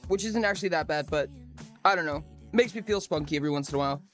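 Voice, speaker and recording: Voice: medium pitch, quick pace, fairly bright tone, faint music behind. A live streamer chatting casually with viewers, bubbly and rambling, often joking at their own expense. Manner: bubbly, rambling, self-mocking.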